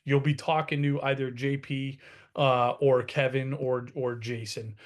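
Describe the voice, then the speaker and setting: A man's voice: mid-range voice, flat delivery, measured pace. A man in his thirties, co-hosting a webinar, talking in a casual, salesy way with frequent restarts. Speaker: co-host. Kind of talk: webinar talk.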